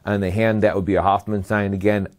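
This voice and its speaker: A man's voice: lowish voice, level tone, fast. A man giving a slide lecture as a medical lecturer. He lists terms one by one in a methodical way and adds brief dry asides.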